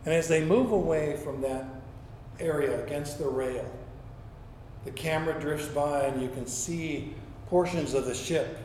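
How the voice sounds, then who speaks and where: A man's voice: on the high side, measured pace, a little mellow, slight background noise. A man preaching a sermon as a pastor, telling stories and acting out quoted speech, often repeating words as he goes. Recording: echoey room sound.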